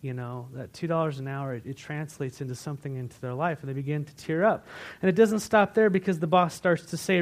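A male pastor preaching a sermon in a conversational storytelling way, dropping to near-whispers and rising to loud, emotional bursts. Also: a little high, a little fast. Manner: conversational storytelling with many restarts, swinging from hushed to loud.

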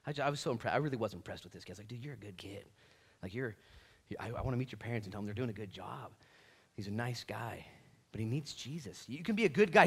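A man preaching a sermon in a casual, conversational way, acting out quoted lines with big swings in loudness. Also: fast talker, vocal fry, breathy edge. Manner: animated, acts out quotes with big pitch and volume swings. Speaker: pastor.

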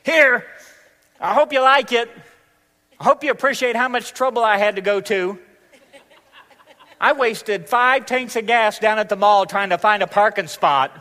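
A man's voice: sits high, a little slow, pauses often, bright, forceful tone, big-room sound, voice pushed up. A man with a Southern accent voicing a grudging gift-giver who complains about all the trouble he went to. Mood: whiny guilt-trip. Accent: Southern US (Arkansas). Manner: whiny, self-pitying, guilt-tripping.

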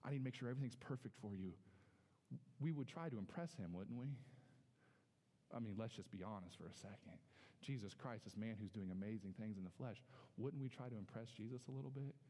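A man preaching a lively, conversational sermon as a pastor, often repeating himself and speaking straight to his congregation. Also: lowish voice, brisk. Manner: lively, conversational preaching with frequent repetitions and audience address. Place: church sanctuary. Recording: long church hall reverb.

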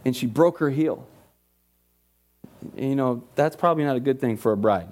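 A man's voice: mid-range voice, moderate pace, darkish tone. A man preaching a sermon to a congregation, reading scripture with rising emphasis and dropping into joking asides. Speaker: pastor.

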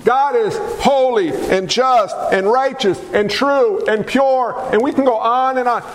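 A man preaching a lively sermon, joking and asking the congregation questions. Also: very high voice, measured pace. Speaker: pastor. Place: church hall. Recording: echoey hall with faint noise.

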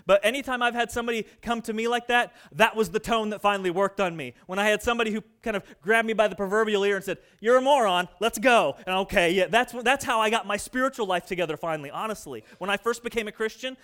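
Male minister, high voice, earnest conversational sermon with loud-to-hushed swings. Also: smooth.

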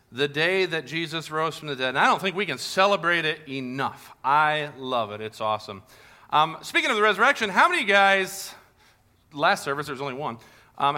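A man with a fairly high, very bright and forceful voice preaching to a packed church. He keeps it casual and joking, full of upbeat fillers and asides to the congregation. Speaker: pastor. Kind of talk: Easter sermon.

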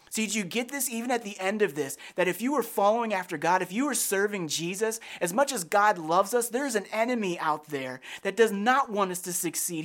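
A man's voice: high-pitched, a bit bright. A man in his thirties, a pastor giving a sermon in an earnest, conversational way that rises into emphatic passages.

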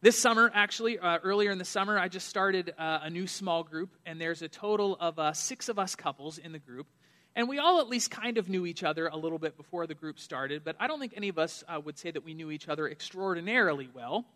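A young man delivers a sermon in a high, bright voice. He preaches in an earnest, conversational way, with frequent fillers and restarts. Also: animated, fairly quick. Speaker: pastor.

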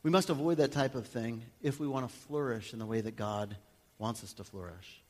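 A male pastor preaching a sermon in a conversational, animated way, acting out little everyday scenes. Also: medium pitch, fairly quick. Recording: long hall reverb.

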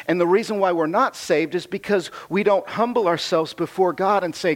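A man delivers a sermon from the pulpit. His voice sits a bit high for a man. He moves between reading scripture aloud and explaining it in a chatty way, restating phrases to drive his point home. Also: moderate pace. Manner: conversational preaching with scripture reading, repeats himself for emphasis. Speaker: pastor.

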